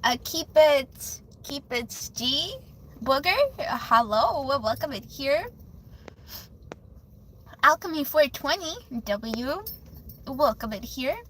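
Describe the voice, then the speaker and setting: Young woman streamer, high voice, unhurried delivery, giggly and rambling chat, faint noise in the background. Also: a bit bright, poor audio. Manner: chatty, giggly, with frequent fillers and restarts. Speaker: livestream host. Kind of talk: casual live stream chat.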